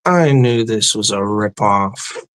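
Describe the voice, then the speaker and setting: A man's voice: fairly low pitch, expressive, slow pace, fairly bright tone, smooth, dry recording. A man retelling a clip, voicing an awkward, creepy man at a doorbell in a hesitant, blunt way. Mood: deadpan.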